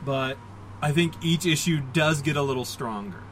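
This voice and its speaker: A man's voice: on the high side, lively intonation, normal speed, a little hiss or hum, low-quality recording. A man co-hosting a casual podcast, rambling and self-deprecating, with many fillers and restarts. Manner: rambling, self-deprecating, puts on mock voices. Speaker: podcast co-host. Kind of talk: casual comic book discussion.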